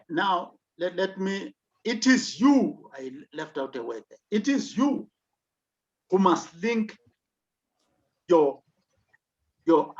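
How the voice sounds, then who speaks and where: A South African man giving an online leadership lecture, emphatic, with rhetorical questions. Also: fairly high pitch. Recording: dull lo-fi recording.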